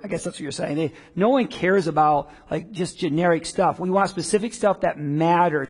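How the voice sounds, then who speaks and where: A man leads a live business workshop with an energetic, conversational delivery, slipping into quick little acted-out quotes. His voice sits a bit high for a man. The sound carries the long reverb of a hall. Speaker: business coach.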